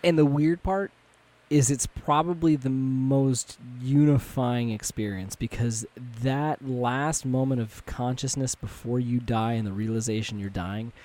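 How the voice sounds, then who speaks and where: A young man chatting on a podcast, spinning long personal stories with loose swearing. His pitch sits in the ordinary middle range, and he talks the easy way friends talk to each other. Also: fairly even intonation, unhurried, dark tone. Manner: storytelling, swears casually. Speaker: podcast co-host. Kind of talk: casual chat.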